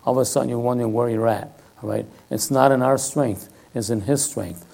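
Gravelly older man preaching with rough fry. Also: mid-range voice, fairly quick, darkish tone. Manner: conversational, repeats "all right?" often. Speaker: lay preacher. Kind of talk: sermon.

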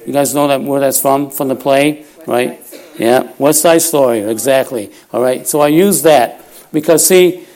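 A man's voice: medium pitch, unhurried, a little mellow. A man in his fifties of Puerto Rican heritage preaches in a church, praying and then telling stories about himself. He is folksy and self-deprecating, often laughing as he talks. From Puerto Rico heritage. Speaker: lay preacher. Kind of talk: sermon with storytelling.

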